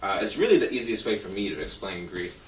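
A man's voice: fairly low pitch, animated, quick pace, fairly bright tone, distant mic. Playful man giving a children's sermon. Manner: playful storytelling with a puppet; jokey asides. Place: church sanctuary. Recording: roomy, from off-mic.

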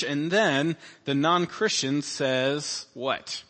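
A male pastor preaches in a loose, conversational style, slipping in asides and voicing imagined people. His tone is bright and forceful. The sanctuary gives his voice a long, ringing reverb. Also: mid-range voice, expressive, moderate pace, slightly rough. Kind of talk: sermon. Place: church sanctuary.

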